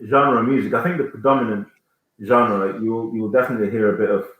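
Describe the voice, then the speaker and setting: Guest singer, man in his thirties from Jamaica, rambling chat, deep voice with heavy room echo. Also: fairly even intonation, quick pace, fairly bright tone. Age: 30s. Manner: rambling, searching for words, many restarts. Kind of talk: casual interview chat. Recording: very echoey room.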